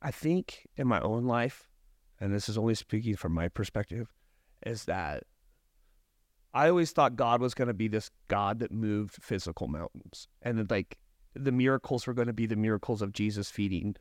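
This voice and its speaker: A man's voice: on the low side, expressive, normal speed, dry recording. Earnest man on a dry podcast mic. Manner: earnest, reflective, with frequent restarts. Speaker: podcast guest, life coach. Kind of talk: casual podcast conversation.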